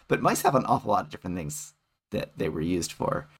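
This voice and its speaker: A man co-hosting a scholarly podcast, explaining in a relaxed, wry way. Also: low-pitched, fairly quick, slightly rough. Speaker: podcast co-host, literary scholar. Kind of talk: casual scholarly chat.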